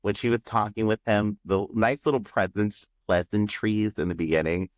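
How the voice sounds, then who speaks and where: A man co-hosting a casual podcast recap, speaking in a calm, measured way. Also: lowish voice, dry recording. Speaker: podcast co-host.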